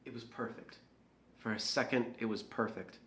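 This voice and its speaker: A man's voice: medium pitch, steady tone, moderate pace, a bit bright, lightly acted. An actor playing a bitter, jealous young man who has been drinking, confessing in a dramatic monologue for an audio drama. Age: young adult. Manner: sullen, defensive confession.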